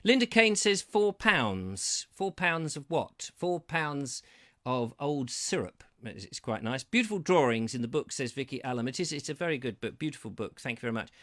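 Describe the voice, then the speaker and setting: A man's voice: mid-range voice, animated, moderate pace, pushed and bright. A man from England hosting a live-streamed comedy talk show from his home, chatting and rambling as he reads viewer comments and stumbles playfully through tongue twisters. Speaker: host. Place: terraced house.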